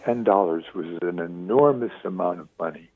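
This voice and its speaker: A man in his seventies, a radio interview guest, telling stories with lively acted-out quotes. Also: low voice, normal speed, no echo. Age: 70s. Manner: lively storyteller acting out quoted voices. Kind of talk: phone-in radio interview storytelling. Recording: tinny dry phone line.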